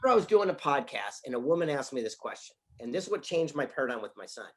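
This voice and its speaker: A man's voice: medium pitch, very animated, fast talker. A middle-aged man telling anecdotes as an interview guest, sometimes laughing through the punchlines. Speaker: guest author and speaker. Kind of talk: interview storytelling.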